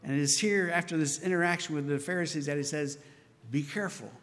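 A man delivers a sermon in a slightly higher than usual voice, carried by the long echo of a church sanctuary. He tells the story with lively asides, acting out the disciples' voices as he goes. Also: quick pace. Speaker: pastor.

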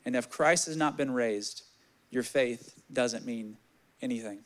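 A young man preaching a sermon, candid and animated, telling personal stories and reading scripture. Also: measured pace. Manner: candid and animated, swelling louder in stories, dropping low on scripture.

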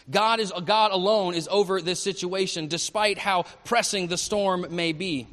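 A male pastor preaching a sermon at a church service, animated and asking the congregation questions. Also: high voice, big-room sound.

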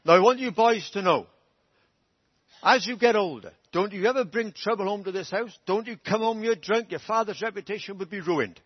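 A man putting on a shrill scolding mother. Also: moderate pace, husky, no echo, dull audio. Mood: lecturing. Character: stern, outraged mother of four boys.

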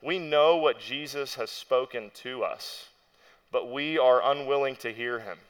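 Clear-voiced man preaching a sermon. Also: medium pitch, unhurried. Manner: storytelling preacher, conversational asides. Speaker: pastor.

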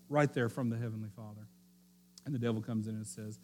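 A male pastor giving a sermon, telling the story with animated, repeated phrases and frequent restarts. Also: lowish voice, brisk.

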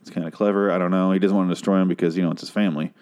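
A man's voice: sits low, flat delivery, rapid-fire, a little mellow, smooth. A man casually recapping a TV episode, rambling, sarcastic and swearing freely.

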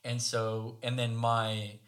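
A man's voice: mid-range voice, monotone, slow pace. A man co-hosting a conversation, telling a story about himself in a casual, self-deprecating, wry way. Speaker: podcast co-host.

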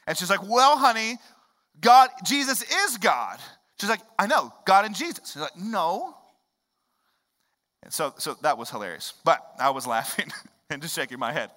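Male pastor preaching, bright forceful tone, long hall reverb, loud bursts then hushed lines. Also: moderate pace. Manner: animated, swings from loud emphatic bursts to low hushed lines. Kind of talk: sermon. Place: church sanctuary.

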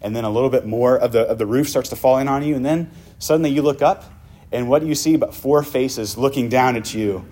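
A male pastor preaching a sermon, vividly retelling a story and dropping to hushed tones. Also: medium pitch, fairly quick.

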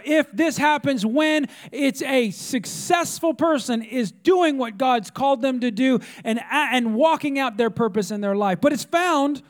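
High-voiced preaching man. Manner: emphatic preaching with repetitions and call-outs. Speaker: pastor. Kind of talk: sermon.

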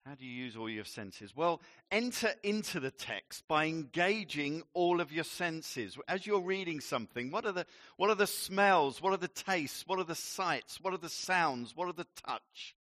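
A man preaching a sermon as a pastor, teaching in a slow, emphatic way with playful asides. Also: fairly high pitch, animated, fairly bright tone, dry recording, clean studio sound.

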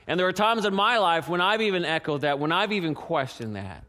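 A man preaching a sermon as pastor, animated and acting out the scripture voices, dropping to a soft hush for prayer. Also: high voice, fast talker, few pauses.

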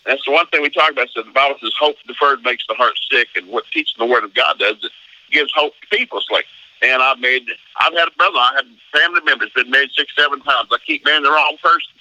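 A middle-aged man, a pastor, telling stories in a folksy, animated way, acting out voices and laughing often. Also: medium pitch, quick pace, no room sound, poor audio. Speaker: pastor and marriage seminar teacher. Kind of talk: animated interview storytelling.

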